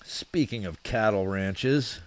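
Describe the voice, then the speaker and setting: A man hosting his channel, reading out viewer comments in a relaxed, chuckling chat and swearing freely. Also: on the low side, slow pace, noisy background. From Canada. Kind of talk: casual chat.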